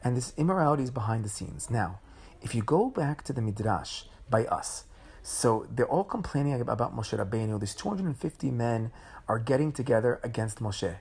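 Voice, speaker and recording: A man's voice: medium pitch, expressive, brisk, creaky, darkish tone, husky. A man giving an informal Torah class, retelling Talmudic stories conversationally, with frequent restarts and Hebrew terms. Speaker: Torah teacher.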